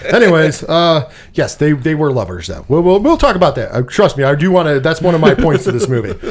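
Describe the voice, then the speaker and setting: A man hosting a relaxed movie review podcast, his voice sitting high and swooping up and down with lively energy. He rambles and chats along, laughing at his own jokes as he reads and rolls on. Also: fairly quick. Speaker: podcast co-host. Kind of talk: casual movie review chat.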